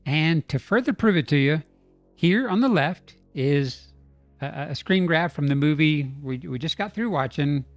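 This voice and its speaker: A man's voice: fairly high pitch, animated, measured pace, dry recording. A man hosting a comedic video breakdown, telling the scene as a playful, joking story. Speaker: YouTube host. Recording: dry voice-over with faint music.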